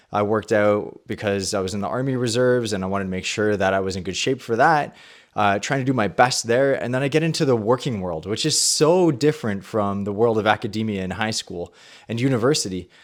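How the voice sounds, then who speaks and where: A young adult man of middle pitch hosts a faith podcast and tells his own story with a lot of life. He acts out his past thoughts, leaning into some phrases and dropping others to a near mutter. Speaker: podcast host. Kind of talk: personal testimony and Bible talk.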